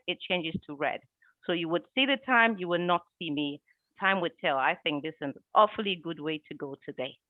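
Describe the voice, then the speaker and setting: A speaker acting as timer at an online club meeting, reciting a poem in a measured way and explaining the timing. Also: medium pitch, dry recording. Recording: tinny phone-like line.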